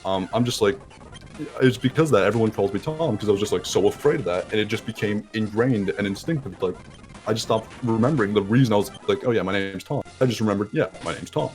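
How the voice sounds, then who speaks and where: A young male let's play host chats casually over a voice call, rambling with lots of "likes" and acted-out quotes as faint music plays underneath. His voice is lowish and a little mellow, and he talks fast.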